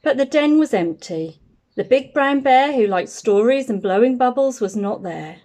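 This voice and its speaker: A woman with a New Zealand accent reading a children's picture book aloud in an expressive read-aloud manner. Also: on the high side, moderate pace. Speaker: storyteller.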